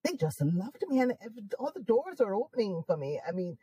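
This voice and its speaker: A Jamaican woman being interviewed, her husky, mellow voice leaping about in pitch as she talks with bubbling enthusiasm. She laughs readily and leans on her words for emphasis, recorded close in a dry space. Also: fast, no room sound, low-quality recording. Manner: animated, laughs often, emphatic and upbeat. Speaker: interview guest. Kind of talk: casual conversational interview.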